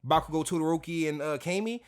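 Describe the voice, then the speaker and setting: A man co-hosting a casual podcast chat, telling stories in an animated, slangy way with plenty of cursing. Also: on the high side, fast, clean tone. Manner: profane, animated, slangy storytelling. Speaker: podcast co-host.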